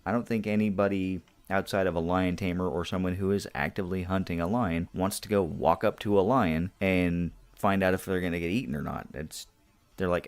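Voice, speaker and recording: Low-voiced man joking through a movie review. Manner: dry, joking asides, slows down to make points. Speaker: podcast co-host. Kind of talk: casual movie review chat.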